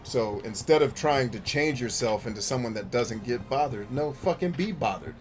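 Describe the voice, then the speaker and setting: A man hosting a gaming show, talking bluntly and profanely in casual commentary while he plays, with quick jokey asides. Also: medium pitch, animated, soft background music. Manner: laughs easily, jokey asides.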